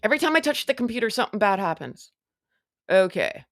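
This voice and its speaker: A woman's voice: medium pitch, sing-song, fast talker, dry recording, studio quality. A woman hosting a casual celebrity gossip livestream, chatty and sarcastic as she talks to her viewers. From Canada. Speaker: livestream host.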